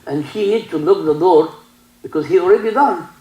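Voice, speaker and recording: A man with an Egyptian Arabic accent, a native Arabic speaker, preaching a sermon and telling stories in halting English full of restarts. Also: sits high, mellow, roomy sound, low-quality recording. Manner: broken English, many restarts, mixes in Arabic. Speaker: sheikh giving a talk. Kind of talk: sermon with storytelling.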